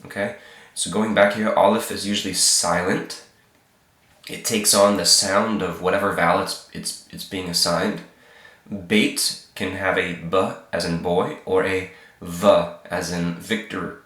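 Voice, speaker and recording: A man with a very low voice and a cold that roughens it, teaching slowly and patiently. He repeats each sound and keeps checking in with the listener. The room around him rings with echo. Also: steady tone, a bit bright. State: sick, slightly hoarse. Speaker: Hebrew teacher. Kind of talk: informal alphabet lesson.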